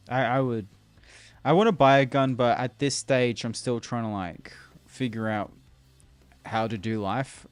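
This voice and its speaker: Here the young Australian streamer sounds medium-pitched, clear and resonant, recorded dry. He chats loosely and rambles, laughing often and calling out viewers by name, with soft music in the background.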